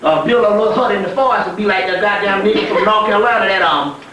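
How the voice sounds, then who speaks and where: A man's voice: sits high, fast talker, sharp tone. A man giving a rambling, profane spiritual lecture as a story, often laughing as he talks. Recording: echoey room from a distant mic.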